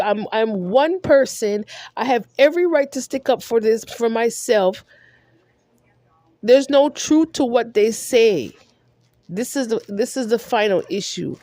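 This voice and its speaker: A woman's voice: fairly high pitch, mellow, no room sound. A woman vlogger delivering a heated monologue, scolding someone directly and repeating herself for emphasis.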